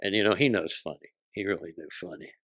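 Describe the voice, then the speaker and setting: A man in his sixties, a comedian guest, telling stories in casual chat with a punchy, profane delivery and quick character voices when he quotes people. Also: deep voice, fairly bright tone, no echo, studio quality.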